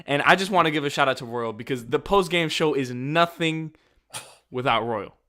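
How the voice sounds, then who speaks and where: A man's voice: a little high, moderate pace, sharp tone. A young man on a sports stream panel, talking in a casual, rambling way and swearing. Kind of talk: casual profane chat.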